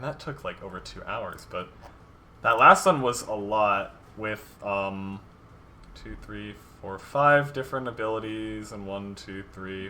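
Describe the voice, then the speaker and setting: A man's voice: on the low side, bright, forceful tone. A man designing tabletop game monsters on a livestream, chatting casually with many fillers and reading viewer ideas aloud. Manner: rambling, many ums, reads viewer submissions aloud. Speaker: dungeon master streamer.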